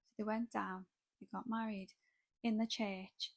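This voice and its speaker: A young woman spills a wild story in a dramatic, gossipy chat, peppered with "like". Her voice sits at an ordinary middle pitch, and the sound is close and dry with no room around it. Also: little pitch movement, unhurried, vocal fry, no room sound. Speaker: makeup artist vlogger.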